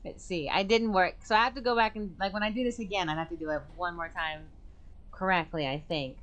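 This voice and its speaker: A young woman streaming a game, chatting and thinking aloud, with sudden excited outbursts. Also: lowish voice, fairly quick. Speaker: gaming streamer. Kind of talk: let's play commentary.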